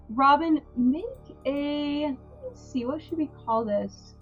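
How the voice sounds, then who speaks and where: A woman running a tabletop game, narrating slowly and carefully in a fairly high voice. She pauses over her words with fillers as she describes the scene to her players. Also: expressive, highs cut off, soft background music. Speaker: game master.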